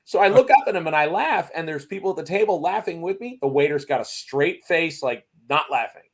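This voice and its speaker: A man's voice: a little high, brisk. A man telling a long restaurant anecdote in casual chat, rambling and acting out the quotes. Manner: rambling, animated anecdote teller who acts out quotes. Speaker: racing series guest. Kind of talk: casual storytelling.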